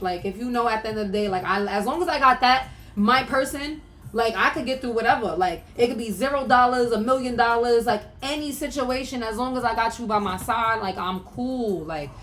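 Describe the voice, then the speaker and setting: A young woman hosts her own podcast in a fairly high, fairly bright voice, giving a casual personal monologue about her life. She's candid and emotional, with lots of "like" fillers and some swearing.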